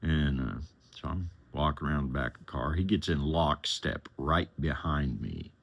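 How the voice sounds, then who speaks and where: Deep husky male storyteller, slow and plain-spoken, former driver recounting his past. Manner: plain-spoken, unhurried, conversational. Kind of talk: personal testimony storytelling.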